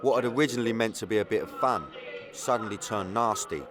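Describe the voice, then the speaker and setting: A man's voice: on the low side, quick pace, crowd noise. A man with a Cockney accent giving scripted first-person documentary voice-over in a conversational way. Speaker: documentary narrator. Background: guitar music bed.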